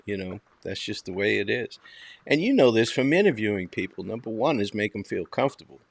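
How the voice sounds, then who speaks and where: A man's voice: lowish voice, animated, fairly quick, creaky. Male host, Boston accent, profane and rambling, casual talk-show chat.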